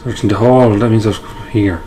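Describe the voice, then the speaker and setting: A man's voice: on the low side, fairly even intonation, fairly quick, mellow, slight background noise. A man playing a video game with a friend, bemused and swearing a lot. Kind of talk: casual let's-play commentary.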